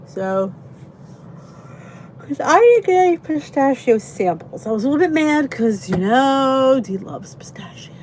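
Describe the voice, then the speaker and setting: A woman's voice: high voice, very animated, measured pace, pauses often, darkish tone, slight background noise. A tired, chatty woman hosting a casual livestream from her basement, greeting viewers by name and laughing often. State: tired, yawning. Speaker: channel host. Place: basement by a heater.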